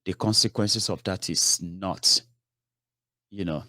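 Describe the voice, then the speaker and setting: A man's voice: deep voice, fairly even intonation, slow pace, pushed and bright, no echo, studio quality. A man giving a heated political commentary, scolding his listeners with rhetorical questions and swearing.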